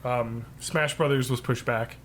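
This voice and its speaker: A man's voice: mid-range voice, steady tone, unhurried, a little hiss or hum. A man co-hosting a casual podcast chat, rambling and joking, with casual swearing. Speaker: podcast co-host.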